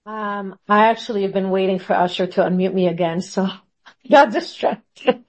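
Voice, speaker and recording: A woman's voice: mid-range voice, normal speed, rough recording. A woman takes part in an online class over a video call. She asks her questions in a hesitant, apologetic way.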